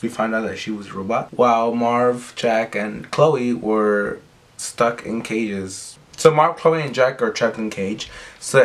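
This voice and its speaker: A young man casually recapping an episode in a rambling way, with lots of filler words. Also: on the low side. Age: young adult. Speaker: recap vlogger.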